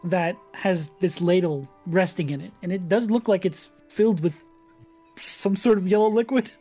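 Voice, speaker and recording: A woman's voice: normal speed, husky, faint music behind. A woman narrating scenes as game master in a tabletop game, often laughing. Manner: descriptive, laughs often, lively pitch.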